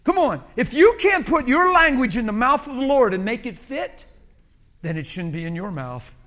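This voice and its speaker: A pastor preaching with folksy humor and plain, colloquial talk. His voice is unusually high for a man and bright, with a forceful, sharp edge. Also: sing-song, moderate pace. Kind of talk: sermon.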